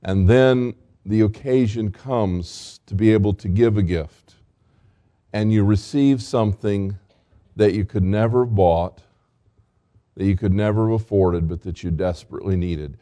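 A middle-aged pastor delivers an earnest, unhurried sermon, taking his time over each phrase. His voice is warm and mellow, and he often pauses on fillers and restarts before pressing on. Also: fairly low pitch. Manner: gentle, unhurried, earnest preaching. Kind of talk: Christmas sermon.

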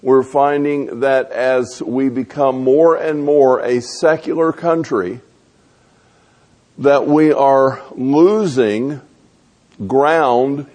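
A male preacher delivering a sermon at an unhurried pace. His voice sits in an ordinary middle register, and he works through a chain of rhetorical questions. He pauses often on small fillers between thoughts. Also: mid-range voice, a little mellow.

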